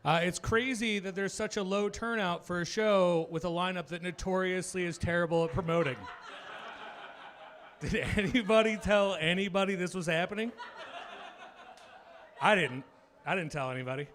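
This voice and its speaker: A man with a high voice works a thin crowd in a small comedy club. He teases in a dry way and chuckles through his own jokes. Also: moderate pace, long pauses, a bit bright. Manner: teasing, dry, laughs through his lines. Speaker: stand-up comedian. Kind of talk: stand-up crowd work.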